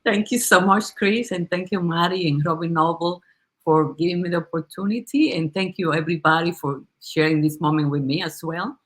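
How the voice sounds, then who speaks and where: Dominican-born woman, Spanish accent, lowish voice, sincere guest testimony. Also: a little fast. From Dominican Republic. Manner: warm, earnest, laughs easily, restarts often. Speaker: guest sharing her story. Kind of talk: casual personal testimony.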